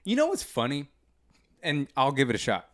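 A man in relaxed podcast banter, his pitch rising and falling in a lively, animated way. He jokes around constantly and laughs a lot. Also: normal speed. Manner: joking, animated, laughs often. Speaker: podcast co-host. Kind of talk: casual chat.

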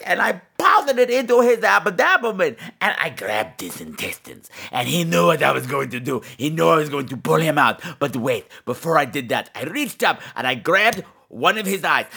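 A man voicing a gleeful, vicious male gargoyle on a comedy podcast, gloating and swinging between shrill squeals and low growls. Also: bright, forceful tone, exaggerated voice. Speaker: podcast host. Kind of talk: comedy podcast character monologue.

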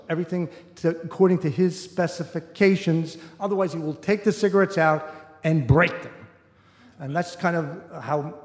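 With a voice on the high side and a little mellow, a middle-aged man tells a personal story on stage before an audience in a large hall. He keeps it easy and conversational, sprinkling in "you know" asides, and the recording has roomy hall reverb.

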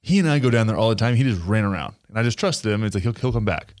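A man's voice: on the low side, lively intonation, very fast, darkish tone, no room sound, studio quality. A man co-hosting a podcast in casual chat, telling loose, rambling stories with plenty of swearing. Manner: rambling, profane storytelling. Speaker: podcast co-host.

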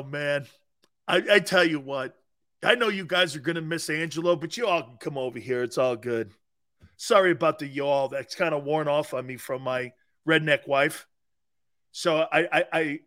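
A man's voice: fairly high pitch, pushed and bright. Joking, rambling sports talk host, man. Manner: joking, laughs often, rambling asides. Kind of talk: casual sports radio banter.

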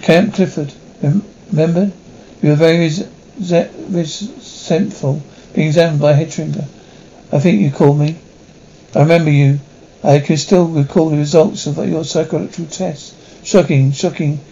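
An actor playing a smooth, condescending male army psychologist in a 1960s television drama, talking in a persuasive, coaxing way. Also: on the high side, fairly even intonation, normal speed, mellow. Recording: dull lo-fi 1960s TV soundtrack.

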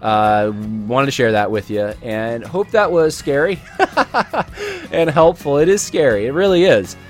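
A man's voice: mid-range voice, expressive, normal speed, soft background music. A man giving casual video commentary to his audience, earnest and thinking aloud with repeated words.

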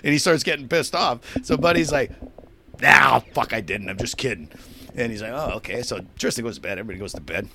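A man telling a long, profane story on a podcast, acting out both sides of a shouting match and laughing often. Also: medium pitch, expressive, quick pace, a little hiss or hum. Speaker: podcast co-host. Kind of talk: casual storytelling chat.

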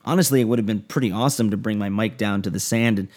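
A man's voice: lowish voice, fast, a little mellow. A man hosting a podcast, reading a scripted introduction in a heartfelt, lyrical storytelling way with wry, self-mocking asides. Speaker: podcast host.

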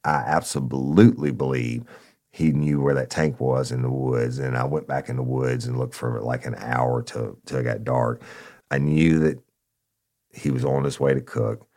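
A man's voice: rumbling low, moderate pace, creaky, a little mellow. A man, a former narcotics officer, telling a blunt, profane story in casual talk and speaking to listeners as y'all.

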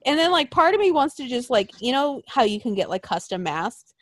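Female co-host, high voice, loose profane storyteller, dry room. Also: fairly quick, no echo. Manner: profane, rambling and animated storytelling. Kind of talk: casual chat.

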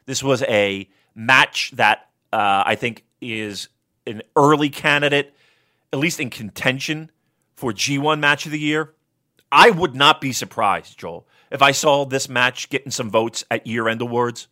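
A man co-hosting a casual review podcast, talking profanely and excitably and working himself up into shouting rants. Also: medium pitch, a little slow. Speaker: wrestling podcast co-host.

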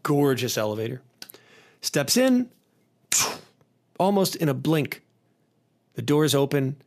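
A man telling a long joke in a loose, rambling way, with fillers and restarts. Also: fairly high pitch.

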